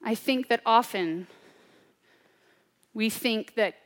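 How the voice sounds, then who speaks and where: A woman preaching a sermon, swinging between loud, urgent declarations and hushed, near-whispered asides. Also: on the high side, takes it slowly, in a large hall.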